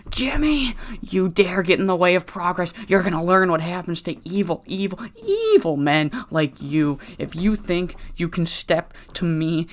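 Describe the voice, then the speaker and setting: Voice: mid-range voice, lightly acted. A person voicing a raging, unhinged male wrestler villain who screams, sputters and curses.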